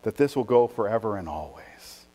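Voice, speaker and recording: Guy pastor preaching a sermon, gets loud and animated, big hall echo. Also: fairly low pitch, moderate pace. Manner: animated, rising to emphatic preaching.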